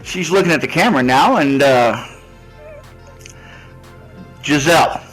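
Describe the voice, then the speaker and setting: A man with a fairly high voice delivers a trash-talking wrestling promo. He is sarcastic and taunting, turning mock-sweet to needle his rivals, while faint music plays behind him. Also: expressive, unhurried, fairly bright tone, poor audio. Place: online wrestling show with commentary table.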